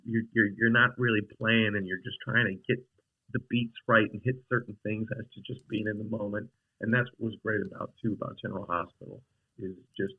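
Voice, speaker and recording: A male actor guest telling stories in a casual interview, rambling and animated, with frequent restarts. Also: on the low side, breathy edge, phone-quality sound.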